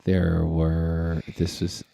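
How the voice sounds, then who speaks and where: Deep, mellow man with dry teasing. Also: monotone, extremely slow, vocal fry, dry recording. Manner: dry, teasing sidekick who sums up wryly. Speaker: podcast co-host. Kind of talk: casual chat.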